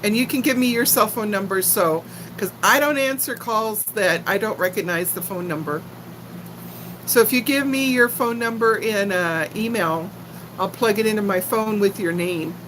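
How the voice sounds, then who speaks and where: A woman's voice: mid-range voice, moderate pace, fairly bright tone, a little hiss or hum, rough recording. An older woman from Texas with a faint Texan accent, chatting casually and giggling with viewers on a livestream. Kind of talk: casual live chat.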